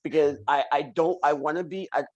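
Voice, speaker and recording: A man guesting on a podcast, chatting casually as an animated storyteller who repeats phrases for emphasis. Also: fairly high pitch, a little fast, rough recording. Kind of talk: casual conversation.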